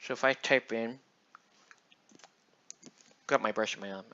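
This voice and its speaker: A man paints miniatures on a live stream, chatting in a laid-back, rambling, slangy way. His mid-range voice is unhurried with a sharp tone, and the dull lo-fi stream audio carries slight background noise.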